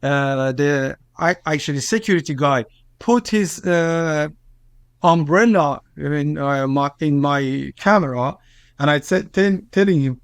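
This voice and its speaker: An Iranian man with a high voice recounts events as a journalist guest in an interview, sounding expressive in a studio-quality recording with no room sound. His non-native English is halting, full of fillers and restarts, and he grows agitated when quoting.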